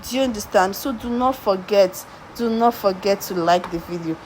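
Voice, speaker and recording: A woman's voice: medium pitch, normal speed, a little mellow, a little hiss or hum, poor audio. Emphatic woman makeup artist talking to viewers. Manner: emphatic, repeats words and asks viewers rhetorical questions; talks directly to viewers, coaxing and reassuring. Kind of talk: makeup tutorial voice-over.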